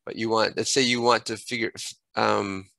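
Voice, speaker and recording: A man giving a screen-recorded software tutorial, thinking aloud and correcting himself as he clicks through menus at a desk microphone. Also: fairly low pitch, fairly even intonation, moderate pace, gravelly, no echo, poor audio.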